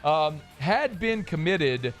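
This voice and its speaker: A man's voice: fairly high pitch, lively intonation, takes it slowly, soft background music. A man hosting a sports radio show, talking loosely and reading sponsor spots. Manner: chatty, loose, folksy. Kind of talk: casual sports radio talk and live reads.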